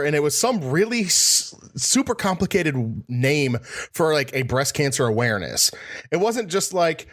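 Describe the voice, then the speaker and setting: A man's voice: on the high side, very animated, normal speed, fairly bright tone. A man co-hosting a podcast in casual chat, rambling and laughing through a story. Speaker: podcast co-host.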